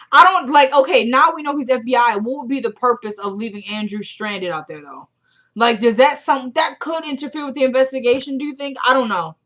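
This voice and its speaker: A woman's voice: on the high side, a little fast, fairly bright tone. A young woman chatting casually as she recaps a TV episode, animatedly quoting the characters' lines in her own voice.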